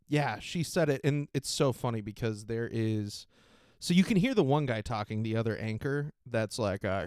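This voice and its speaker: Male podcast host, giggly and profane, smooth voice, dry studio sound. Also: medium pitch, lively intonation, moderate pace, darkish tone, dry recording. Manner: giggly, profane, rambling with frequent laughter. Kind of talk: casual solo podcast chat.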